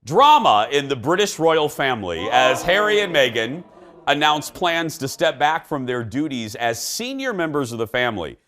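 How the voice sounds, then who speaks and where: A man's voice: medium pitch, very animated, normal speed, a bit bright. A middle-aged man hosting a talk show, giving his opinions in a fired-up, emphatic way.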